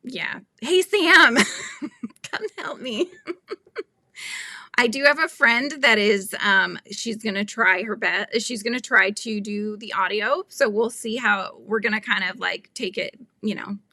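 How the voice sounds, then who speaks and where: A woman's voice: mid-range voice, a little slow, pushed and bright, no echo. A woman from the United States, a children's book author chatting casually on a live stream, rambling and laughing often.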